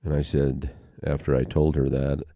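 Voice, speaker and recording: An older man telling a personal story as an interview guest, halting and heartfelt, with pauses and restarts. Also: a bass voice, little pitch movement, no room sound, muffled recording.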